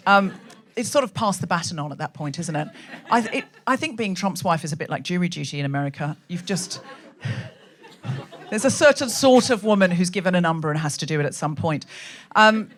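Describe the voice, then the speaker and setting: Woman comic host, live stand-up, very animated pitch, chatty and laughing, on a stage mic. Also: fast. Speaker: comedy podcast host. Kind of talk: live stand-up comedy monologue. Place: comedy venue stage with a live audience.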